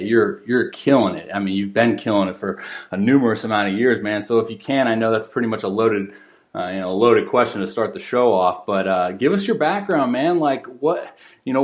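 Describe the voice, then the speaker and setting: A man hosting a podcast in casual chat, upbeat and full of fillers like "um" and "like". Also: medium pitch. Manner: filler-heavy, with many likes and ums. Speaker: podcast host.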